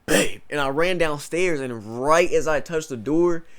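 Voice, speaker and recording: He's in his twenties, from Ohio, and sits as a guest in a casual interview, telling meandering stories full of "bro." His voice is on the high side, smooth and unhurried.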